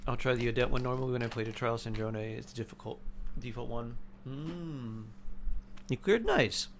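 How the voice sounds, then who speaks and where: A man's voice: mid-range voice, fairly quick, a little hiss or hum. A man chatting casually on a game stream, reading chat aloud and humming and mumbling to himself in between.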